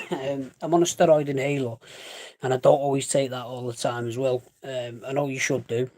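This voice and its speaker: A man's voice: mid-range voice, flat delivery, normal speed, a little mellow, no echo, clean studio sound. A young man chatting casually, stopping now and then for a chesty cough and often calling the listener "mate". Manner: chatty, rambling, self-correcting, says "mate" often. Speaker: vlogger. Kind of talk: casual chat.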